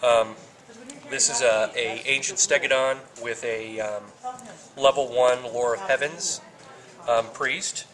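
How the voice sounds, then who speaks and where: Mid-pitched male player, matter-of-fact, recorded on camera in a busy store with crowd noise. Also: slow, poor audio. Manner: matter-of-fact, listing units with frequent ums. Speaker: opposing tabletop player. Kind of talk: casual game talk. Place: indoor game store.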